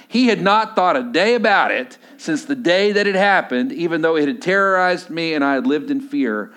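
A man in his thirties, a pastor preaching a sermon in a relaxed, conversational way, telling stories and often filling pauses with "uh". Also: a little high. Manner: conversational storytelling, many filler "uh"s.

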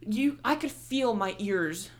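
A young woman telling a story in casual chat, animated and heated, swearing often and filling with "like". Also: mid-range voice, slow. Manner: heated, animated retelling with heavy swearing and many "like" fillers.

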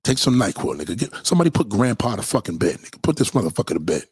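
A man's voice: lowish voice, very animated, rapid-fire, a little mellow, slightly rough, no room sound. A man, from Brooklyn, hurling mocking, profane insults in a livestream rant. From Brooklyn, New York. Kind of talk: trash-talking livestream rant.

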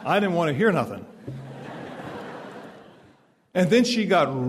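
A man's voice: a little high, sing-song, slow, pauses often, long reverb tail, noisy background. A man preaching at a speaking event, telling a story with quoted dialogue and building to emphatic declarations. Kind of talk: speech at a fundraising event.

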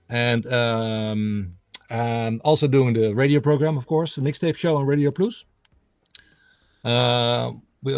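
A man with a mid-range voice answers interview questions in his second language, speaking haltingly and using many fillers as he searches for English words. He's a guest who works as a radio host and music blogger, and the sound is dry with no echo.

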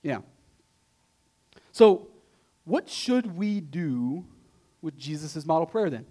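A man's voice: fairly high pitch, lively intonation, measured pace, long pauses, mellow. A male pastor preaching a sermon in a conversational way, tossing out rhetorical questions and repeating key points for emphasis. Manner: emphatic repetition.

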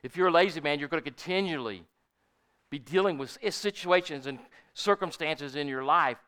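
A man's voice: on the high side, normal speed, sharp tone, smooth. An older man preaching a sermon in a folksy, storytelling way, often asking his congregation "Amen?". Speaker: pastor.

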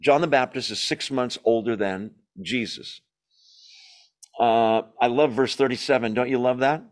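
Lively man leading a Bible study. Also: medium pitch, unhurried. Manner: lively, asks the group rhetorical questions and answers them; emphatic, opinionated asides. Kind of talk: teaching a Bible study, reading scripture aloud and commenting.

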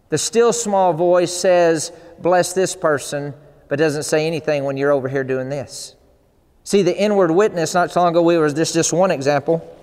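A man's voice: on the high side, darkish tone. Earnest preaching man in a reverberant hall. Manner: earnest, repetitive, builds to emphatic peaks. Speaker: pastor. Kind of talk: sermon.

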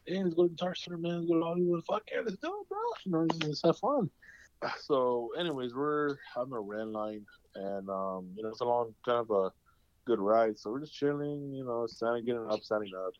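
A man's voice: medium pitch, brisk, dull audio. Swearing, rambling man telling stories. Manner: rambling storyteller, heavy swearing, acts out quotes. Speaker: podcast co-host. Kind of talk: casual chat.

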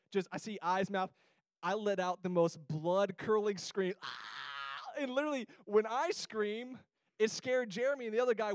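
A young man with a fairly high voice tells stories in a sermon to a young crowd. He is animated and slips into the voices of the people he describes. He was recorded close to the mic in a dry space. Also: no echo. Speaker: youth speaker. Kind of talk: storytelling sermon to a young audience.

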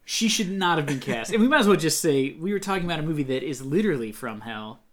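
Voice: medium pitch, expressive, quick pace. This podcast co-host rambles in casual chat, trailing off into tangents and breaking into laughter along the way. The voice sits in an ordinary middle register.

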